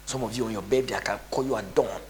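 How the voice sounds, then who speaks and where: A man's voice: lowish voice, quick pace, a little hiss or hum. A male pastor, preaching with a tired voice and breaking into tongues and chanted repeated phrases. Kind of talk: preaching to a gathering.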